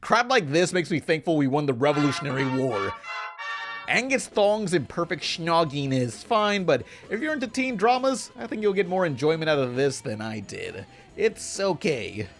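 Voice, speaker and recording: A man's voice: fairly high pitch, big pitch swings, moderate pace, faint music behind. A man narrating a comedic film review in a sarcastic, wisecracking manner.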